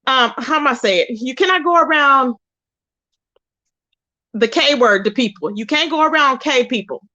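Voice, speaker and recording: Woman ranting on her stream, high bright voice, kinda dull lo-fi audio. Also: normal speed, long pauses. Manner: animated, expressive storytelling with loud exclamations and laughter. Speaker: livestream host. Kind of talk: casual livestream commentary.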